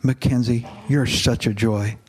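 A man voicing a gentle, wise fatherly figure who speaks calmly and earnestly, reading aloud from a novel. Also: medium pitch, measured pace, breathy edge. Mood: tender.

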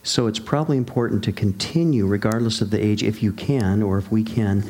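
Low-voiced man summing up calmly. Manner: measured, summarizing others' points. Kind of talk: casual discussion.

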